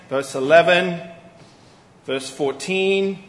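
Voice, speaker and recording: A man delivers an expository sermon from a church sanctuary, his slightly high voice carrying through a roomy space with a long, lingering reverb. He speaks earnestly, stressing key phrases and pausing deliberately. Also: a bit bright. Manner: earnest, emphatic expository preaching with deliberate pauses. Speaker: preacher.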